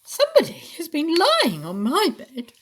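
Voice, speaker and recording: A woman voicing a calm mother bear with a mellow, medium-sized voice in a storybook reading. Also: extremely high pitch, pitched above the performer's own voice, exaggerated voice. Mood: plain. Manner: even, measured.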